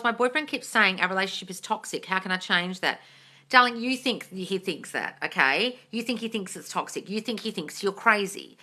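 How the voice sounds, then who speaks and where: Her mid-range voice carries a live manifesting Q&A stream where she reads viewer comments out in easygoing chat. She swears freely, calls people darling, and spills into gushing bursts of excitement.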